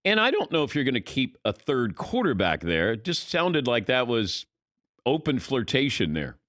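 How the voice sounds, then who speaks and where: Wry, lively male sports radio host. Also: medium pitch, moderate pace, no room sound, studio quality. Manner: wry, animated, calls on co-hosts. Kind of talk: casual sports talk. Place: radio studio. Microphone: studio microphone.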